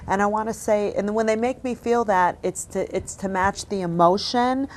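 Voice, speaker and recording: A woman hosting as a psychic medium, giving a reading in a gentle, apologetic, emotional way that often drops to a soft hush. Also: medium pitch, fairly even intonation, moderate pace.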